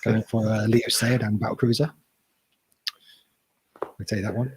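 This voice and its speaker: A man's voice: on the low side, fairly even intonation, moderate pace, a little hiss or hum, rough recording. A British man from England, chatting casually as a guest and explaining slang with easy humor. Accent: British English. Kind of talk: casual chat.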